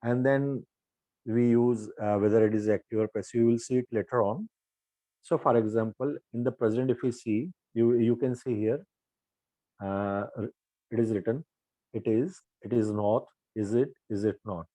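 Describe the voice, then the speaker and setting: A man's voice: mid-range voice, steady tone, mellow, dry recording, rough recording. Older Indian man drilling English grammar. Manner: explains slowly, repeating drill sentences aloud. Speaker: English teacher. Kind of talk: spoken grammar lesson.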